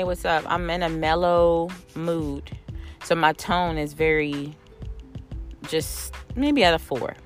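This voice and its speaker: Woman in her 30s venting about dating, lowish voice, cusses a lot, acts out the back and forth, faint music under it. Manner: blunt, profane, animated retelling with quoted dialogue. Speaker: vlogger. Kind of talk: candid storytelling vlog.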